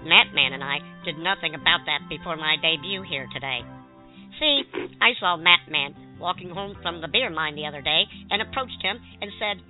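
A man playing a deadpan newcomer persona on an internet radio show, delivering a scripted comic monologue in a dry, matter-of-fact way. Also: on the high side, moderate pace, close to an everyday voice. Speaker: comic segment character. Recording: tinny phone-line sound with faint music.

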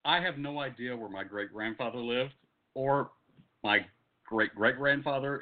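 A man's voice: mid-range voice, measured pace. A man co-hosting a podcast in casual, profane chat, blunt and dismissive. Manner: blunt, dismissive, swears a lot. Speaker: podcast co-host. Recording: tinny phone-like sound.

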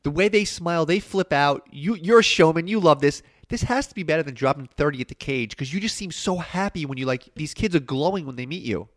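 A man's voice: fairly high pitch, animated, brisk, hardly any pauses, dry recording, studio quality. A man hosting an interview, asking questions in an enthusiastic, encouraging way. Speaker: podcast host. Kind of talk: casual interview.

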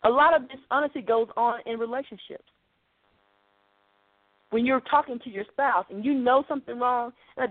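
Woman preacher, fairly high voice, earnest conversational sermon, dry tinny phone-line sound. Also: normal speed, pauses often, no echo. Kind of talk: podcast sermon.

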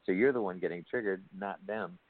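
Deep-voiced man on a phone-like line. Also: fairly quick, no room sound. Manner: animated, acts out quoted dialogue. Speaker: guest. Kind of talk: conversational interview.

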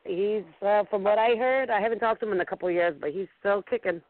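A woman's voice: medium pitch, fast talker, no room sound. A woman hosting a casual chat show, laughing easily and reminiscing with her guest. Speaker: host. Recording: tinny phone line with faint noise.

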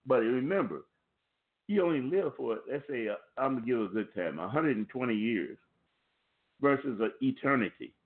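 A man's voice: medium pitch, animated, moderate pace. A man preaching a sermon to listeners on a conference call, warning them in an earnest, repetitive way and restarting phrases as he goes. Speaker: pastor. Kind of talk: sermon over a phone line. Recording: tinny phone line.

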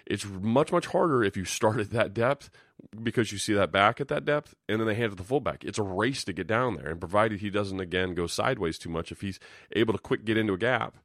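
Low-voiced ex-linebacker guy talking through game film, rambly, lots of you knows, dry close sound. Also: expressive, fairly quick, a bit bright, no room sound. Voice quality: hoarse-sounding morning voice. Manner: rambling and conversational, with frequent restarts and 'you know'. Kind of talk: casual film breakdown commentary.

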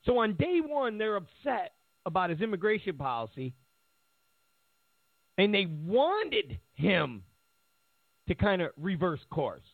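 A man with a gravelly voice talks slowly and mockingly, repeating himself and chuckling as he goes. His pitch swings widely. The sound is thin and phone-like. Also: sing-song, dry recording. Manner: mocking, repetitive, laughs at his own points. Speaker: political commentary host. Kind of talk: casual political commentary. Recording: tinny phone-like audio.

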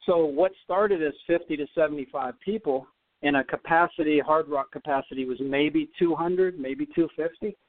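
A man with a slightly high voice tells a long story as an interview guest, animated and prone to restarting his words. The sound is dry and narrow, like a call coming through a phone, with no room around him. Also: moderate pace, no echo. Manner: animated, repeats words while telling a story. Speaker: podcast guest, former tennis player.

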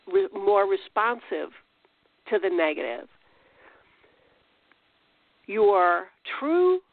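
This is a relaxed, conversational spiritual talk from a Christian teacher who restarts thoughts and asks rhetorical questions. The voice sits at medium pitch with no room sound, captured in a tinny, dry, phone-like recording.

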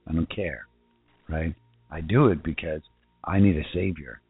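A man preaching an informal sermon in earnest, asking rhetorical questions and repeating himself, and reading scripture slowly. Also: low-pitched, breathy edge, no room sound. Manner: slow deliberate scripture reading. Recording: tinny phone-like sound with faint music.

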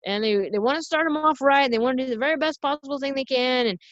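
A woman pet nutritionist talking casually on a podcast, passionate and animated, often restarting her sentences. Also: sits high, fast, no echo, highs cut off.

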